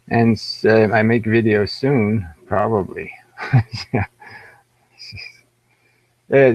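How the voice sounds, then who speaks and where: A man's voice: on the low side, creaky, husky. A man with an American accent hosting a live stream alone, rambling in a wry, profane, self-mocking way. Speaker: livestream host. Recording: dull lo-fi livestream audio.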